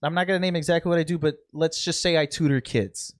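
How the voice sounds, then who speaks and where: A man's voice: fairly high pitch, fairly even intonation, fast talker. A young man co-hosting a casual podcast, emphatic and laying out his points step by step. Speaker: podcast co-host. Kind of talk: casual group chat.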